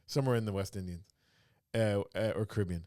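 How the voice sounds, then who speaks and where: A man co-hosting a podcast, telling a story in relaxed conversation and slowing down to mimic what someone said. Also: on the low side. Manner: storytelling, mimics quotes in a slow mocking voice. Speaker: podcast co-host. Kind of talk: casual chat.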